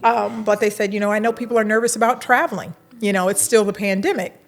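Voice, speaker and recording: Speaking quickly at medium pitch, a middle-aged woman who works as a university administrator recounts an animated story during an interview. She performs the dialogue and laughs occasionally.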